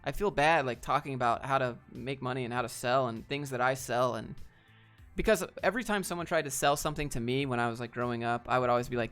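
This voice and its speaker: Young male streamer, casual and blunt, middle pitch, faint music underneath. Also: quick pace, fairly bright tone, smooth. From Georgia, US. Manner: laid-back, reads viewer questions aloud and answers bluntly, says dude. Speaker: streamer answering chat. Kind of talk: casual livestream chat.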